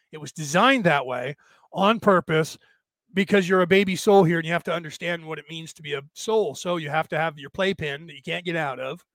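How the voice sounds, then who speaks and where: A man's voice: a little high, fairly bright tone, dry recording. A man hosting a podcast, giving a rambling, emphatic spiritual monologue in a conversational way. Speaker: podcast host.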